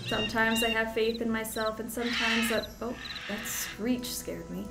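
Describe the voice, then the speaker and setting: A woman's voice: fairly high pitch, steady tone, unhurried, creaky. A woman casually chatting and giggling while she plays a detective game. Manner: chatty, giggly, reacting aloud. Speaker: streamer playing a detective game. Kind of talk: casual gameplay commentary. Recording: echoey room with game music. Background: game music.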